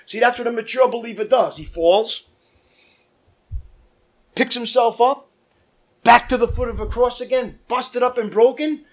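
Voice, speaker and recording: A man's voice: extremely high pitch, unhurried, pauses often. A man preaching a fervent sermon as pastor, calling out to his congregation. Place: church.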